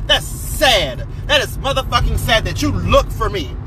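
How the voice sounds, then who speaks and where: A man's voice: very high-pitched, lively intonation, moderate pace. A man venting in an angry, profane rant, repeating lines for emphasis. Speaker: vlogger. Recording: noisy outdoor street recording.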